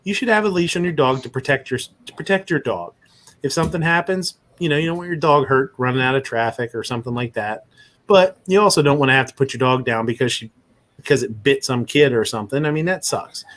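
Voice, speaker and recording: A man's voice: mid-range voice, fast, fairly bright tone. A man hosting a live stream, reacting to viral clips with blunt, profane, joking commentary and frequent laughs.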